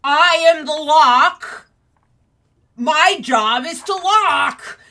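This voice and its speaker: A woman voicing a stubborn, officious talking lock that shouts insistently. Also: sits high, drawn-out words, pitched above the performer's own voice, heavily acted. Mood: bossy.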